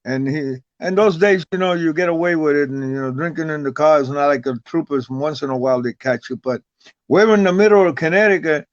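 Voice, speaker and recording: An older man tells a story as a guest, rambling along and tripping over repeated words. His voice sits a little high. The recording is dull and lo-fi with a very dry sound. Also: fairly quick, no room sound. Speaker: guest, retired wrestler. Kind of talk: casual storytelling interview.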